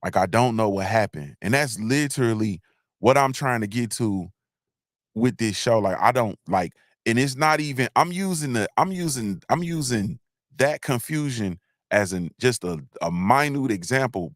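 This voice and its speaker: A man talks straight into the mic in a casual livestream monologue, circling back and repeating himself with slangy asides. His voice sits in a middle pitch and the sound is dry and close, with no room around it. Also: lively intonation, normal speed, no echo. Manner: rambling, repeats himself, frequent restarts, slangy. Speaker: livestream host.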